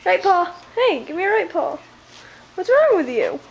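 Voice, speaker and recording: A woman filming her dog at home on a handheld camera, calling to it in high, playful baby talk. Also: sing-song, normal speed, gravelly, a little hiss or hum. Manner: high sing-song coaxing, playful. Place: home, indoors.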